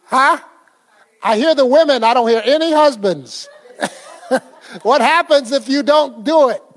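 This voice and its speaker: High-voiced man preaching in an echoey hall. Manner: conversational, quizzes the congregation, laughs often. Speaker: pastor. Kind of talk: sermon.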